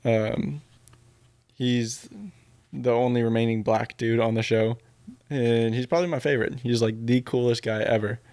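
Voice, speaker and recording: A man's voice: medium pitch, fairly even intonation, normal speed, darkish tone, dry recording. A man hosting a podcast, casually retelling a dating show in a rambling, filler-heavy way. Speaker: podcast host.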